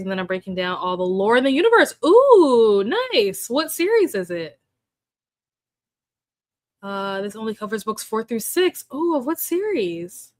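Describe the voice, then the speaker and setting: A woman's voice: on the high side, no room sound, studio quality. Chatty young woman hosting a livestream. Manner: chatty, laughs often, greets viewers by name. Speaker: livestream host. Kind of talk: casual chat with live chat readers.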